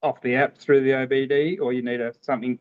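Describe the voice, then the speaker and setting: Male caller, mid pitch, muffled line, brief agreeable answers. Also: flat delivery, fast. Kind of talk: casual chat.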